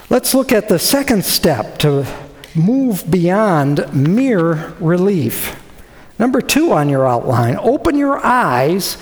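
A man preaching a sermon as pastor, animated and acting out quoted voices. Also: high voice. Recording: reverberant hall.

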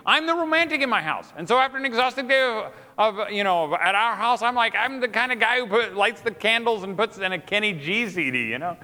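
Animated man preaching with humor. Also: sits high, a little fast, few pauses, long reverb tail. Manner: animated, self-mocking anecdotes to a live audience. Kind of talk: humorous sermon storytelling.

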